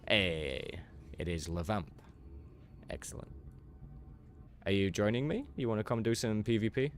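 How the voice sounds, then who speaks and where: A man's voice: lowish voice, animated, measured pace. A man streaming a game live, chatting casually and teasing viewers in a playful way.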